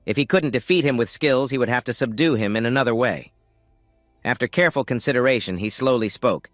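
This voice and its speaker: A man narrating a storybook recap with steady storytelling. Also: mid-range voice, brisk, no room sound, clean studio sound. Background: faint music.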